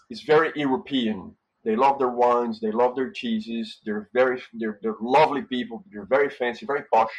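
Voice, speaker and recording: A man's voice: medium pitch, highs cut off. A man from Brazil, a hotel manager talking casually in an interview, rambling and repeating words as he thinks.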